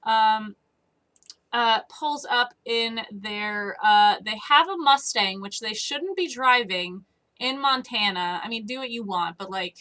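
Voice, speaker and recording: A woman's voice: fairly high pitch, takes it slowly, bright, forceful tone. A woman narrating a tabletop game as game master, rambling with many fillers. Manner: rambling, laughs often, lots of fillers.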